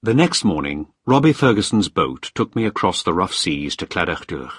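A man narrating a first-person story in a measured, firm way. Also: low-pitched, sing-song, breathy edge, no room sound, studio quality. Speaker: audiobook narrator.

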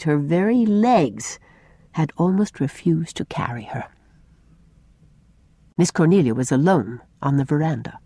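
A woman narrates a classic story aloud, shaping each phrase with expressive changes of tone. Her pitch sweeps widely and freely, and the recording is dry and close to the mic. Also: no room sound. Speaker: audiobook narrator.

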